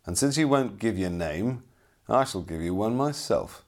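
A man voicing a spiteful knight in a storybook, speaking slowly with a sneer. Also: lowish voice, animated, darkish tone. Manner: slow, sneering.

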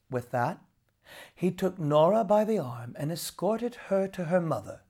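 An expressive storyteller reading a folk tale aloud. The delivery is very unhurried, and the pitch rises and falls widely from line to line. The voice sits at a middle height. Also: slightly rough. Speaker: narrator.

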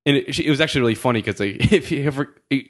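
A man's voice: medium pitch, rapid-fire. A young man hosting a podcast, telling a story in casual chat, laughing often and acting out the voices of the people in it. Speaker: podcast host.

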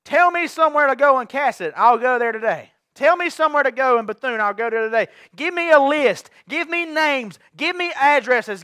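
A man's voice: extremely high pitch, animated, normal speed, few pauses, sharp tone, clear, resonant tone, no echo, studio quality. A young man preaching a sermon as pastor, fervent and given to repeated rallying cries. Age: young adult. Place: church sanctuary.

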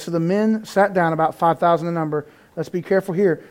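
A man preaching in a high, animated voice. He talks conversationally, swings between loud emphatic peaks and quiet asides, and keeps a lively sermon pace. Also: fast. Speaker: pastor.

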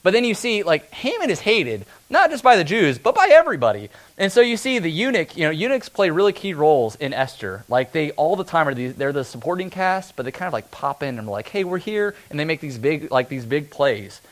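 A man preaching a sermon in a relaxed, conversational way, often slipping into quick acted-out asides. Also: a little high. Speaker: pastor.

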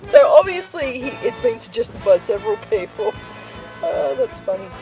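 A woman's voice: high voice, very animated, normal speed, warm tone, soft background music. A woman with an Australian accent co-hosting a podcast, telling stories and giggling while chatting in a moving car. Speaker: podcast co-host. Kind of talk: casual chat.

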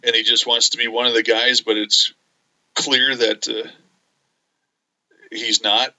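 A male podcast co-host with a very bright, sharp voice, talking in halting, stop-start phrases. He speaks with enthusiasm in casual chat. The sound is a bit dull and lo-fi. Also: mid-range voice, flat delivery. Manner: halting, many fillers and restarts, enthusiastic.

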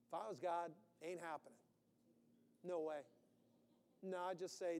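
A man preaching a sermon, animated, acting out quotes with sudden loud bursts. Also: sits high, moderate pace, long pauses, in a large hall. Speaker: pastor.

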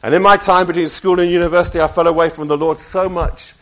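A man's voice: high-pitched, steady tone, fast, a bit bright. A man in his sixties, a preacher, giving a personal testimony with wry, self-mocking humor.

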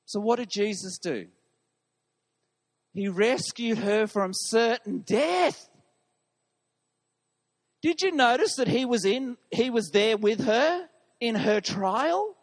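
A man's voice: high voice, slow, long pauses. A man preaching a sermon to his congregation, putting questions to the listeners. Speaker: pastor. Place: church hall. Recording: long reverb of a large hall.

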